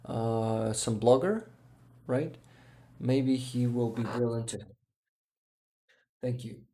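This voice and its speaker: A tired man hosting a casual livestream and reading out viewer comments in a hesitant, halting way, often restarting and chuckling softly. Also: mid-range voice, steady tone. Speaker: livestream host.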